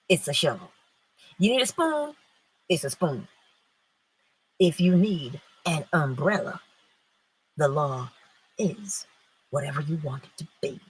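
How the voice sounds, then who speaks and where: A woman with a very husky, breathy voice gives an inspirational talk on a live stream. She speaks slowly and her pitch swings widely. She moves between emphatic preaching and easy chat with her viewers, laughing often. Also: rough recording. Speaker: host of a live-streamed morning inspiration show.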